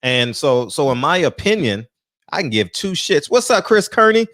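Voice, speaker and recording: A man's voice: a little high, very animated, moderate pace, fairly bright tone, dry recording, studio quality. Chatty man hosting a loose live boxing talk. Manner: loose and chatty, swears casually; laughs often. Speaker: host of a live-streamed boxing talk show. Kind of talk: casual live-stream chat, greeting viewers by name. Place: small room.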